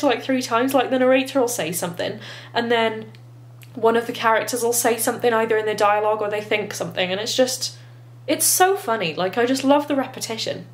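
Giggly chatty woman vlogger. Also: on the high side. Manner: giggly and chatty, laughs at herself. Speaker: book vlogger. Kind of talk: casual vlog chat. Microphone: handheld phone camera.

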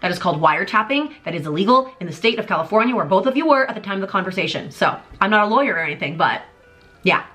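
A woman's voice: medium pitch, racing, faint music behind. A woman in her twenties giving sarcastic, exasperated commentary on celebrity drama in a vlog. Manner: exasperated, sarcastic, animated ranting. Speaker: commentary YouTuber. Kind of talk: pop culture commentary vlog.

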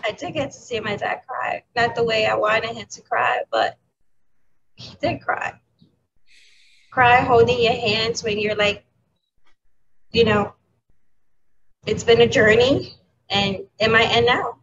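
Candid woman with a high voice, lo-fi. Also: fairly even intonation. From New York City. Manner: candid, halting, with soft laughs. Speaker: educator, interview guest. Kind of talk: emotional interview talk. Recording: dull lo-fi audio with clear background noise.

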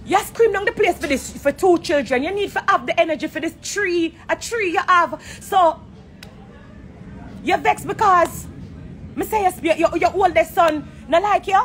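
A Jamaican woman in her forties goes live on her phone from a corner of an airport, venting in heated, profane patois. Her voice sits high, and a faint hum of background noise runs under it. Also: normal speed. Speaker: celebrity going live. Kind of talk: phone livestream rant.

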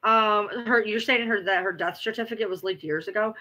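A woman's voice: mid-range voice, a little fast, bright, forceful tone. A woman host chatting casually with viewers, rambling, repeating herself and swearing now and then. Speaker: livestream host. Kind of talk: casual chat answering viewers.

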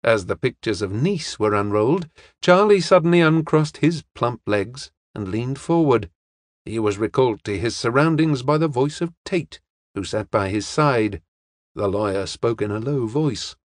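A man narrating a detective novel as an audiobook in a steady, measured way. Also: medium pitch, no room sound, clean studio sound.

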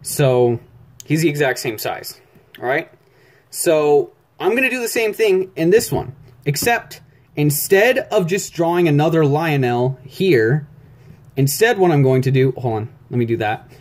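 A man's voice: fairly high pitch, lively intonation, measured pace. Jittery rambling young man drawing on screen. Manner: rambling, jittery, self-deprecating, talks to himself while drawing. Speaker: YouTube animation tutorial maker. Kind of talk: casual screen-recorded tutorial. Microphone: phone recording.

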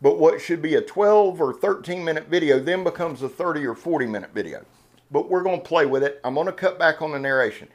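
A man's voice: a little high, animated, fast. A man hosting a knife channel, talking in a casual, earnest and emotional way, rambling with restarts. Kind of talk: casual unboxing vlog talk.

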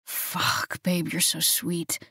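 A woman voicing a bossy, teasing young man in an audiobook, speaking low and half-whispered. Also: level tone, slow, gravelly, breathy edge, heavily acted. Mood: murmuring.

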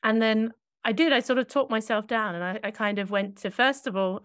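A woman's voice: on the high side, fairly even intonation, a little fast, a bit bright, smooth, dry recording, clean studio sound. A woman co-hosting a podcast, talking in a reflective, searching way and often correcting herself mid-thought. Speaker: podcast co-host.

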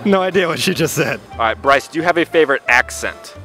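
A man's voice: fairly high pitch, animated, quick pace, music in the background. A man doing playful, teasing comic interviews with strangers at a busy travel expo. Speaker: street interviewer.

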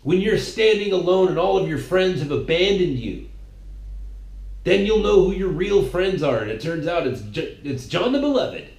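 A man's voice: high-pitched, very animated, normal speed, a little mellow. A man hosting his own show, preaching a mocking, opinionated solo monologue. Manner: preachy, mocking, with impressions of others. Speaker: podcast host. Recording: echoey room.

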